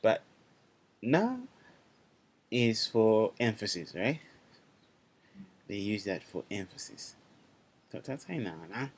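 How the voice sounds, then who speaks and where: Lowish male teacher, loose and chatty. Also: expressive, takes it slowly, long pauses, breathy edge. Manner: loose, repetitive, checks in with students. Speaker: language teacher. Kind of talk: online class teaching.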